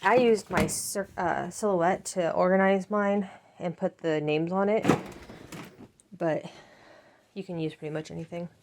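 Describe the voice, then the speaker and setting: A woman's voice: lowish voice, unhurried, long pauses, background noise. Chatty woman vlogging about her seeds. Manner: chatty, rambling, frequent ums. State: out of breath. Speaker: gardening vlogger. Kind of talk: casual home vlog.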